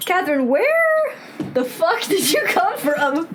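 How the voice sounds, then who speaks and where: Young woman, high-pitched, casual profane podcast chat, laughs a lot, light background hiss. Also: very animated, slow pace. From Southern California. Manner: joking, profane, laughs often. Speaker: podcast co-host.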